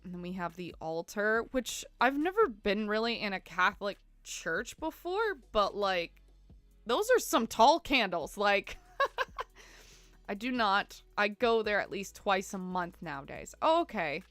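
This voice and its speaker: A woman's voice: medium pitch, big pitch swings, a little slow, a bit bright, dry recording, soft background music. A Canadian woman from Ontario chatting casually with viewers on a livestream, full of "like" and "um", giggling and apologizing as she goes. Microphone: desk mic she keeps bumping.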